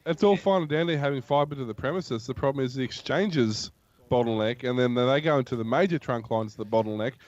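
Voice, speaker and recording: A man's voice: medium pitch, fairly quick, darkish tone, lo-fi sound. A man co-hosting a casual tech podcast, talking in a dry, sardonic way. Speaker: podcast co-host.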